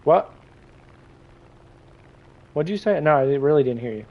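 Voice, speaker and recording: A man's voice: on the high side, lively intonation, measured pace, lo-fi sound. A man chatting casually to his live audience while playing, rambling and joking between moments of gameplay. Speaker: gaming livestreamer.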